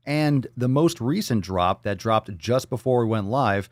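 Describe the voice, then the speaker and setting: A man's voice: mid-range voice, normal speed, few pauses. A man hosting a casual live stream, reading viewer comments and talking in a loose, profane, joking way, now and then slipping into silly voices. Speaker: livestream host reading chat. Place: Florida.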